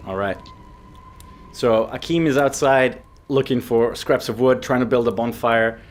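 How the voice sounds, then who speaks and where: A man's voice: medium pitch, a little slow. A man narrating as game master, hesitant with many fillers.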